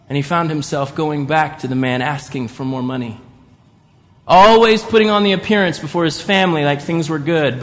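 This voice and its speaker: A male pastor telling a parable in a sermon, vivid and imaginative, swinging between loud and hushed. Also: fairly high pitch, big-room sound. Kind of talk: sermon storytelling.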